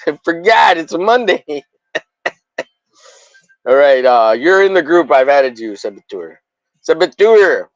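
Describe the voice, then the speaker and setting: A man's voice: a little high, big pitch swings, takes it slowly, long pauses, no room sound, dull audio. A man hosting a livestream in casual chat, rambling and swearing, with mock-angry jokes. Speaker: livestream host.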